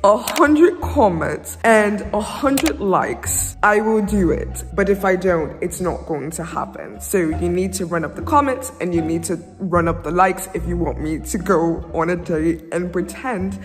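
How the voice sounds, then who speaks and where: A playful, animated voice in a put-on British accent, as a woman fakes it for fun. It is recorded in an echoey room, with faint music underneath. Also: fairly low pitch, measured pace, hardly any pauses, lightly acted. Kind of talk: casual vlog chat to camera.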